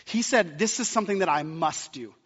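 A man's voice: on the high side, lively intonation, fairly quick, fairly bright tone, breathy edge. A man preaching a sermon, impassioned and building to emphatic climaxes. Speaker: pastor. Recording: muffled sound with long hall reverb.

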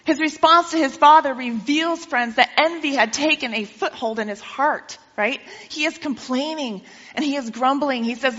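A woman preacher who tells a parable in a lively way during a sermon and keeps checking in with her listeners. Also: sits high, moderate pace. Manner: lively storytelling, asks listeners questions. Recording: dull with long hall reverb.

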